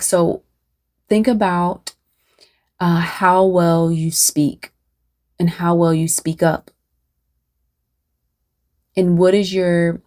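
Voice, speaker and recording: A woman's voice: lowish voice, creaky, a little mellow. A woman channeling a spiritual message to her viewers. She talks unscripted and meanders, with many fillers and restarts, and keeps checking in with "right?". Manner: addresses viewers directly, asks "right?"; pauses to consult spirit.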